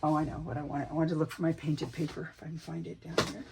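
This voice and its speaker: A woman's voice: low-pitched, level tone, quick pace, creaky, very noisy. A woman chatting casually to viewers as she works on a craft project at home, talking to herself and sometimes dropping to a whisper. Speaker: crafting vlogger.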